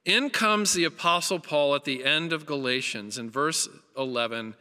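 A man's voice: fairly high pitch, moderate pace, pushed and bright, clean tone. A man preaching a sermon as pastor, earnest and emphatic, repeating phrases for weight and restarting lines as he builds a point. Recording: reverberant hall.

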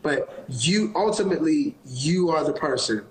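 A fairly high-voiced man speaks earnestly, urging and encouraging like a preacher. He's on a phone live stream, and the audio sounds roomy with a faint hiss underneath. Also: expressive, measured pace, a little mellow. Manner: earnest, encouraging, sermon-like advice. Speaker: gospel singer, interview guest. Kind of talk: live-stream interview chat. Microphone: phone on a live video call.

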